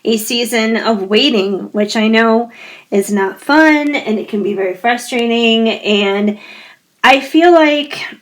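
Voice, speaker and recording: A woman giving a pick-a-card tarot reading, gentle and reassuring, talking straight to her viewers while her voice keeps fading and she often clears her throat. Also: on the high side, slow. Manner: gentle, musing, reassuring, speaks directly to viewers.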